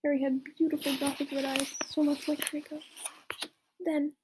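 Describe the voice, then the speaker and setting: A woman's voice: high-pitched, flat delivery, moderate pace, background noise. A young woman reading a fan story aloud in a whispery voice, with amused asides. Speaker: reader.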